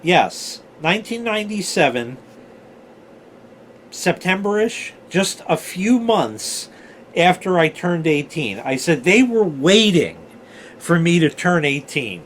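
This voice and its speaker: A storyteller host in his forties reminisces in a loose, rambling way, cursing freely and wandering off on tangents. His voice sits on the high side with big pitch swings and a measured pace, over slight background noise.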